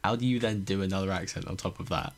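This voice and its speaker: A man's voice: low voice, steady tone, fast, vocal fry. A man hosting a podcast, rambling and swearing in casual chat. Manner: rambling, swearing, many restarts. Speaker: podcast host.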